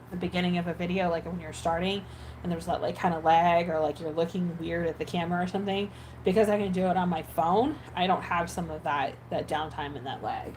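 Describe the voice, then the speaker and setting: On a rough recording with faint hiss underneath, a woman with a lowish voice, an ASMR creator, chats casually while editing. She rambles about her video plans in a relaxed, conversational tone, drifting between thoughts with lots of "um"s and restarts.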